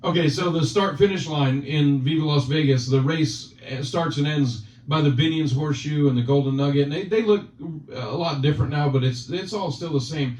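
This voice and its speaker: A man's voice: on the high side, normal speed, hardly any pauses, darkish tone. A man hosting a casual chat, teasing his guest in joking banter. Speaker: channel host. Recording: roomy, distant, dull sound.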